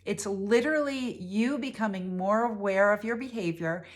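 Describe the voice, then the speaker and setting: A woman's voice: mid-range voice, normal speed. A middle-aged woman giving relationship advice in an earnest, casual way, often restarting phrases as she talks. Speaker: relationship coach.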